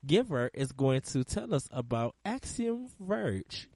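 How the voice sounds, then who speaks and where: A man's voice: medium pitch, big pitch swings, takes it slowly, a little mellow, no room sound. A man hosting a casual gaming podcast, rambling through side stories and laughing often. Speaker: podcast host.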